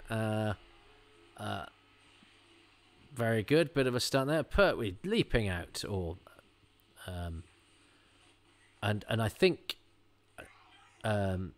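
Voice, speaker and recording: Commenting on an episode as he watches, a man with a voice on the low side rambles and chats, restarting often and tossing in animated asides.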